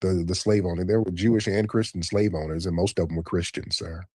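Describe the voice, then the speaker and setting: Host: man, lowish voice, blunt and mocking with callers, dry close sound. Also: fairly even intonation, fairly quick, warm tone, no echo. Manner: blunt, teasing, bossy with callers. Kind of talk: live call-in show.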